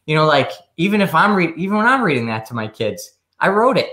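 Bright-voiced man explaining earnestly. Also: a little high, very animated, fast, hardly any pauses, roomy sound. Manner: earnest, explaining at length with restarts. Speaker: psychologist and author, guest. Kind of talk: casual interview conversation.

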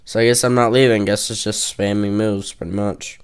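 In a low, smooth, flat voice and at a brisk pace, a young man gives goofy play-by-play of his game. He trash-talks opponents, cracks jokes, and slips into off-key singing.

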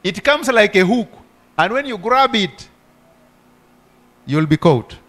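Higher-voiced man preaching a sermon. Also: big pitch swings, slow, a bit bright. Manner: preaching with rhetorical questions and repeated hallelujahs. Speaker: pastor.

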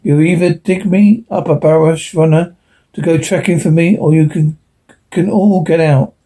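A man's voice: a little high, steady tone, moderate pace, dark tone, breathy edge. A man doing a stern frontier planter. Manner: stern, commanding. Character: hard-driving male frontier planter, blunt.

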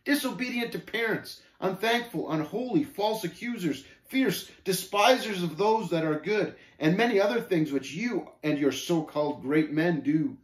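A man's voice: high voice, moderate pace, hardly any pauses, pitched above the performer's own voice, lightly acted. Brief: man doing an undaunted, devout pilgrim, firm and declaiming, in a roomy space. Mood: bold. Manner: bold, firm, scripture-quoting declamation. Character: bold, devout male pilgrim Faithful, undaunted.

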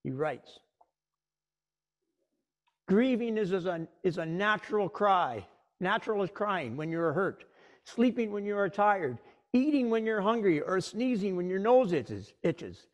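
A middle-aged man preaches with a fairly high voice. He retells the scripture dramatically, rising sharply for quoted voices and dropping low and quiet for solemn moments. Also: big pitch swings. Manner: dramatic retelling with shifting pitch and pauses. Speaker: pastor. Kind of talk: sermon.

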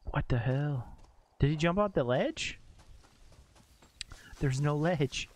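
Animated, exclaiming young streamer guy. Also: on the high side, slow pace. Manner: exclamatory, swears often, talks to chat. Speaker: game streamer. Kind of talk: live gameplay commentary.

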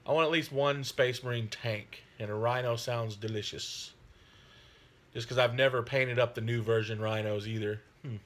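A man talking casually on his hobby channel, friendly and rambling, with frequent pauses and fillers. His voice has a bright, forward ring. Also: medium pitch, fairly even intonation. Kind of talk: casual chat.

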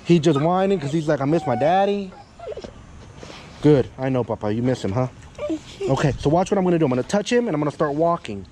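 A man's voice: a little high, lively intonation, fast talker, mellow, slight background noise, poor audio. Talkative male dog trainer outdoors. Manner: talkative coaching, keeps checking in with "yeah?" and "okay?", swears casually. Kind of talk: explaining a training session to a dog owner. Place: outdoors by a parking area with cars.

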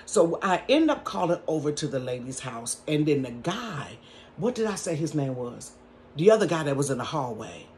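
Woman in her bedroom telling a story, animated, laughing, dramatic asides, very lively pitch. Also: normal speed, a little hiss or hum. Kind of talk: casual storytime.

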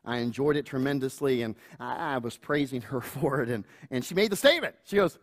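A middle-aged man, the pastor, preaching a sermon earnestly, with playful asides and chuckles and acting out family members in a higher voice. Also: lively intonation, a little fast, hardly any pauses. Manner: acts out quoted family voices in higher pitch.

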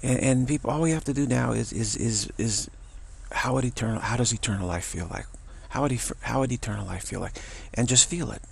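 A man giving a spiritual talk, musing in a halting way with many restarts. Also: medium pitch, creaky, slightly rough. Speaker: spiritual teacher.

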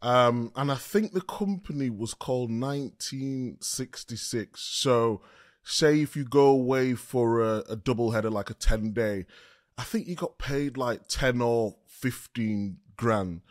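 A man's voice: medium pitch, unhurried, no room sound, clean studio sound. A man co-hosting a football podcast, chatting casually and enthusiastically. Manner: enthusiastic, loud. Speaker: podcast co-host. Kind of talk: casual chat.

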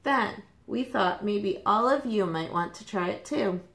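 A woman voicing a female state in a picture book, chiming in briskly and agreeably, in a roomy space. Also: medium pitch, lively intonation, fairly bright tone. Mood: eager. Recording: roomy echo.

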